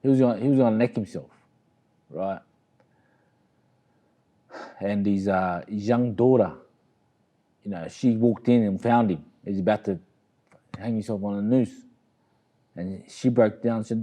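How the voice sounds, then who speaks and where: Brief: Australian man, middle-aged, low and warm-toned, rambling interview storyteller. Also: a little slow, pauses often. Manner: rambling, repeats "you know what I mean". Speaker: interview guest, boxer. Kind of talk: casual storytelling.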